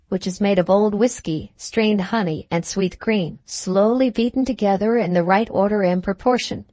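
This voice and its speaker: A woman's voice: medium pitch, darkish tone, dry recording. Woman steadily narrating an audiobook.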